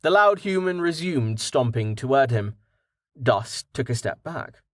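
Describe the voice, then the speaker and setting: A man reads a fantasy audiobook at an unhurried pace, his pitch rising and falling with the story. The sound is dry and close to the mic. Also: no room sound. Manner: measured, expressive reading. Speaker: audiobook narrator. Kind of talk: scripted narration.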